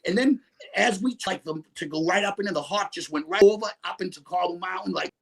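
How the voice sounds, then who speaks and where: A man with a raspy voice telling a story as a guest on a casual podcast, laughing often. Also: sits high, brisk, a bit bright.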